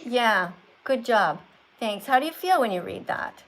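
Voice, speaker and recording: A woman's voice: a little high, expressive, measured pace, fairly bright tone, poor audio. An older woman hosting a live stream, talking like a strict teacher who corrects and lectures. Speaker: livestream host.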